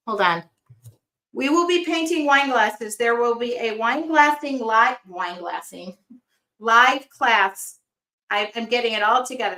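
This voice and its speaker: A woman's voice: fairly high pitch, a bit bright, recorded from a distance. A middle-aged woman art teacher chatting casually on a livestream, reading out viewer comments with effusive thanks. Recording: roomy sound from away from the mic.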